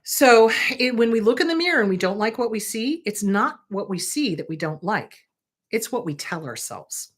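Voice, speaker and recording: A middle-aged woman therapist hosting a show, giving casual advice in a blunt, animated way, swearing for emphasis and checking in with the listener. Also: mid-range voice, normal speed, husky. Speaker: therapist, podcast host.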